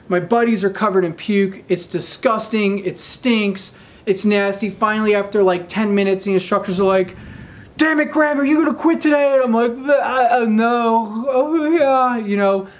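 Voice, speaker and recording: A man in his thirties telling a story in casual talk, animated and often checking in with his listeners. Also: high-pitched. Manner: animated, addresses listeners with "right?" and "okay?". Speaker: speaker telling a training story.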